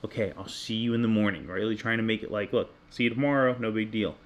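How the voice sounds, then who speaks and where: Candid dad telling a late-night story. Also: male voice, fairly low pitch, fast talker. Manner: candid, self-deprecating, animated when retelling his own yelling. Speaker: podcast co-host. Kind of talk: casual storytelling chat.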